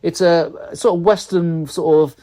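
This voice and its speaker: A man's voice: on the high side, fairly even intonation, a little slow, mellow. A man hosting a casual podcast, chatty and easygoing, who laughs along with his co-host. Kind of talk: casual chat.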